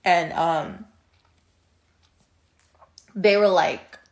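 A woman's voice: medium pitch, moderate pace. A woman in her thirties telling a personal story in a candid, blunt and casual way, full of "um" and "like".

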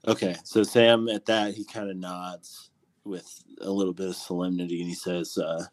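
Male player, low voice, easygoing, narrating his character's moves. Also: moderate pace. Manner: relaxed, describes his character's actions. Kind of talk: casual tabletop game talk.

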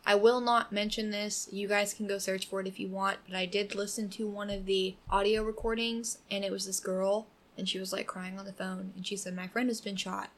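A woman's voice: mid-range voice, flat delivery, fairly quick, few pauses, fairly bright tone. A woman in her twenties co-hosting a true crime podcast, reading the case notes aloud and breaking off into casual asides. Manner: reads aloud steadily, then breaks off into casual chatty comments. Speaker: podcast co-host.

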